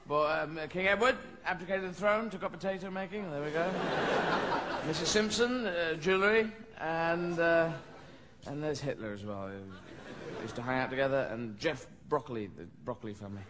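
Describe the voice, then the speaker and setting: A stand-up comedian rambles through a surreal routine, slipping in and out of little voices. His voice sits notably high for a man. Loud crowd laughter washes over the live recording. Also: moderate pace, in a large hall, noisy background. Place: comedy venue with a live audience.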